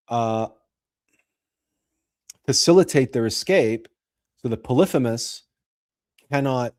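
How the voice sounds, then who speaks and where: A man hosting a show, retelling and explaining a classic story in a deliberate, explanatory way. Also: mid-range voice, darkish tone. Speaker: host.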